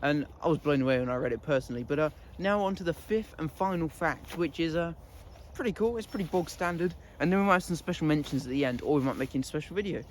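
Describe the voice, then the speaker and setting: A man's voice: on the high side, fast, a little hiss or hum. A man chatting casually to camera outdoors in a goat pen, laughing often and scolding his animals. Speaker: vlogger. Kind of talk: casual vlog talk.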